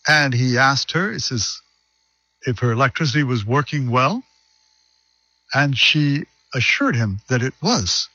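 Bright, husky-voiced preacher man. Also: mid-range voice, animated, dry recording, lo-fi sound. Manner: slow, deliberate scripture reading and storytelling. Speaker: pastor. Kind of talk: sermon.

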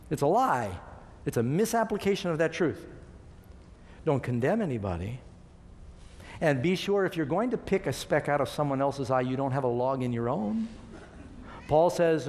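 A man's voice: fairly high pitch, a little mellow. A man preaching a sermon, emphatic and putting questions to his congregation. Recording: long reverb of a large hall.

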